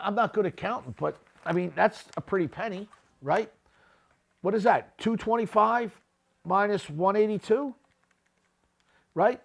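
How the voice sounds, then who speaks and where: Gravelly middle-aged guy ranting about deals, high-ish voice, swears a lot, keeps saying okay. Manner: blunt and profane, keeps tagging lines with "okay?"; grows louder and more heated, shouting at times. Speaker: real estate investor and podcast host. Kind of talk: unscripted critical commentary.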